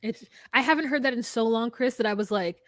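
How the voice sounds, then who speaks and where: A woman's voice: a little high, fairly quick, no echo. A woman co-hosting a podcast, chatting casually and animatedly, joking and acting out quotes. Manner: animated, jokey, acts out quotes in funny voices. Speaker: podcast co-host. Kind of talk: casual recap chat.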